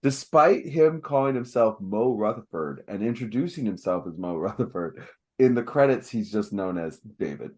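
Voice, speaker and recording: A man's voice: lowish voice, expressive, normal speed, a little mellow. A man in casual podcast chat, laughing often, swearing and slipping into impressions. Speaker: podcast co-host.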